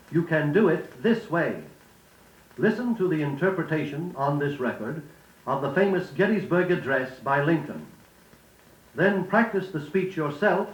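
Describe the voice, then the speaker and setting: A middle-aged male radio announcer giving a formal spoken lesson with measured, distinct enunciation and stately phrasing. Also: a little high. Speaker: radio announcer narrating a speech course. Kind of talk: formal scripted instruction and recitation. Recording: lo-fi echoey 78rpm record.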